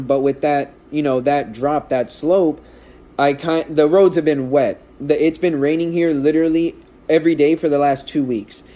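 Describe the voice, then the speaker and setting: Here the vlogging stepdad speaks with a fairly high pitch and a dark tone. Visibly shaken, he stumbles through an emotional personal story, restarting often and filling gaps with filler words.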